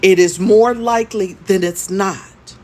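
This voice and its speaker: A woman's voice: medium pitch, a little slow, a little mellow. A woman in her fifties telling a story in a conversational, emphatic way, often repeating her points. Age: 50s. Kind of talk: storytime vlog.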